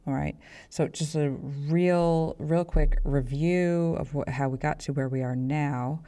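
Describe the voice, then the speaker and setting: A woman's voice: low-pitched, steady tone, measured pace, dark tone. A woman hosting a professional development podcast, talking in a chatty, self-deprecating way with fillers and restarts. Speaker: podcast host.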